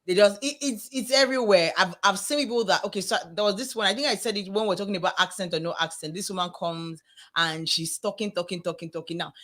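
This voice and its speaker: A woman with a Nigerian accent, co-hosting a casual chat podcast and telling stories with lively acted-out dialogue. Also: mid-range voice, quick pace. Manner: animated storytelling, acts out dialogue. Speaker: podcast co-host.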